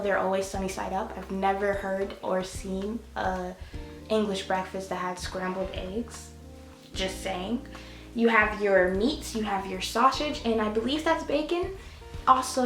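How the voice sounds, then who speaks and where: A young woman talks straight to camera in a casual, chatty vlog, dropping playful asides to her viewers. Her middle-pitched voice rings around a bare, echoey room, with faint music underneath. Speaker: vlogger host.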